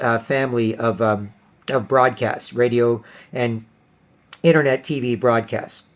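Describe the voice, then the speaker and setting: A man delivering a rambling monologue, often putting on high mocking voices for other people. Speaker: commentator. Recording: dull lo-fi recording.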